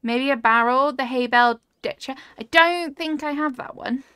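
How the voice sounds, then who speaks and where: A woman streams a cozy building game in a high-pitched voice that's sharp yet clear and resonant, speaking at normal speed. Easily delighted, she reads chat aloud and gushes over viewers' builds in casual conversation, recorded in studio quality with no echo.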